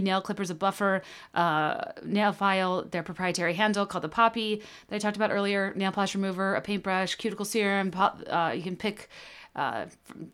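A woman's voice: mid-range voice, fairly bright tone, smooth. A woman hosting a podcast, chatty and self-deprecating, reading an ad in her own casual way. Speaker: podcast host. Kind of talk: podcast chat and host-read ad.

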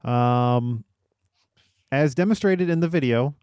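A man's voice: mid-range voice, takes it slowly, a little mellow, clear, resonant tone, dry recording, studio quality. A man hosting a casual podcast chat, reading out article details with joking asides. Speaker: podcast host reading news.

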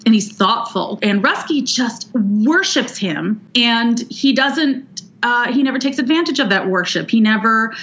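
A woman hosting a podcast, talking casually about a book in a lively, storytelling way with lots of fillers. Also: fairly high pitch, unhurried, dull audio. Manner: lively retelling, acts out characters' lines, many "you know" fillers.

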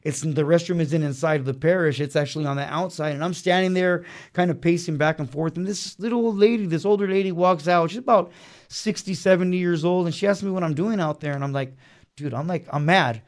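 A man's voice: fairly high pitch, steady tone, brisk. Earnest slangy man telling his story. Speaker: interview guest. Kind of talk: casual personal testimony. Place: small studio beside a chapel.

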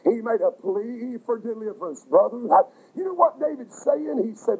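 A preacher delivers a fervent sermon in a strikingly high, husky voice. He cries out with emotion and fills every pause with "uh". His delivery is passionate and earnest. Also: lively intonation, rough recording. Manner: fervent, breaks into cries, many "uh" fillers.

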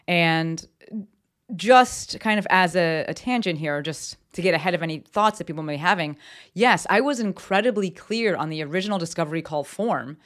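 A woman hosting her own podcast, talking candidly and bluntly in a casual solo monologue, with casual swearing and animated asides. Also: lowish voice, normal speed. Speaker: podcast host.

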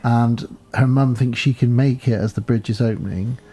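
A man's voice: mid-range voice, fairly even intonation, moderate pace, mellow, breathy edge. A man co-hosting a podcast, casually retelling a film plot and acting out bits of dialogue. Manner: rambling recap, acts out lines. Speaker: podcast co-host.

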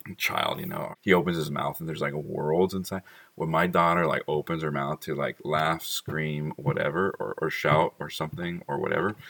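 A man's voice: a bass voice, vocal fry, a bit bright, recorded from a distance. A man talking fondly about his children in a casual, rambling monologue full of "like" and small laughs.

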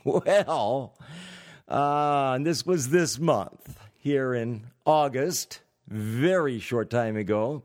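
Male host for a slow, deliberate commentary read, with dry sarcastic asides. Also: mid-range voice, a little mellow. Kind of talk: political commentary monologue.

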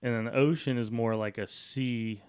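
A man co-hosts a casual podcast, riffing on the news with jokes. His voice is smooth and resonant, and he talks at a middle pitch. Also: fairly even intonation, normal speed, darkish tone. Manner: jokey, tosses off silly voices and riffs. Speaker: podcast co-host.

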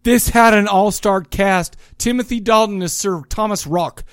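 A man's voice: high voice, normal speed, clean tone, no room sound, studio quality. A man co-hosting a casual podcast, rambling and joking as he chats about films. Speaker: podcast co-host. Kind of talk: casual movie and music chat.

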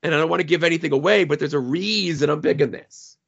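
A man co-hosting a casual podcast, with a very gravelly, husky voice. He talks in a wry, chatty way and often laughs at his own jokes. The sound is a little dull, as if from a lo-fi mic. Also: on the high side, quick pace, fairly bright tone. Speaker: podcast co-host.

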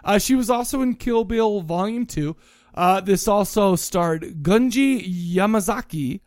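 A man co-hosting a podcast jokes casually about a movie, rambling and tripping over names. His voice is high-pitched and somewhat dark, delivered at a measured pace. The recording is dry and studio quality.

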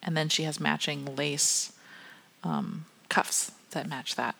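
A woman's voice: deep voice, very animated, slow pace, gravelly, a bit bright, husky. A woman co-hosting a podcast in casual chat, talking in close detail and laughing often. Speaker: podcast co-host.

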